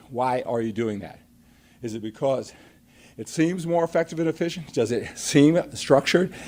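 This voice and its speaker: A man's voice: mid-range voice, warm tone. A middle-aged man hosting a live workout stream, coaching emphatically and asking rhetorical questions, a little out of breath after a set. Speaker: fitness coach and live show host.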